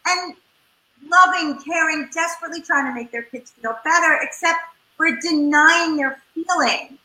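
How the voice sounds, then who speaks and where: Brief: woman family therapist, high-ish bright voice, animated, echoey room. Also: normal speed. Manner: animated, acts out parent and child voices. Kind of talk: interview advice talk.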